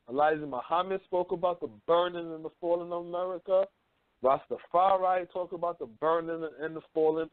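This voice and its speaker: Brief: thirties male radio host, high-pitched, loose and profane, tinny phone-line sound. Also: no echo. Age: 30s. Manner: loose, profane, animated storytelling. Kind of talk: casual talk radio chat.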